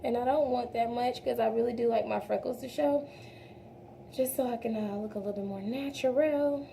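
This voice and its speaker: Young woman, beauty vlogger, casual chat, talks to viewers as y'all, fry in the voice, mellow tone. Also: fairly high pitch, fairly even intonation, moderate pace, a little hiss or hum. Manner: chatty, talks to viewers as y'all, trails off and restarts. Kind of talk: casual makeup tutorial chat.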